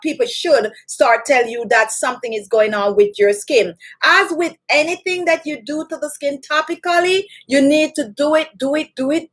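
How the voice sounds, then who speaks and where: A woman hosting a beauty channel, giving home skincare tips in a chatty, repetitive, instructive way and greeting viewers by name. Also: high-pitched. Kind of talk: casual talk to camera.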